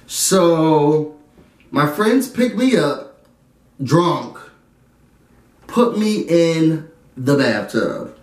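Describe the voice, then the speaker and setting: A young man, telling an animated storytime with a high, lively voice. He sits back from the mic in an echoey room and keeps slipping into other people's voices. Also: very slow, pauses often, distant mic. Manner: animated, acts out friends' voices, laughs often.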